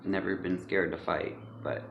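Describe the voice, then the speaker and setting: A man giving a personal testimony, speaking hesitantly with many pauses and fillers, recorded in an echoey, dull room. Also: sits low, fairly even intonation, creaky, noisy background. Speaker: speaker sharing a personal story.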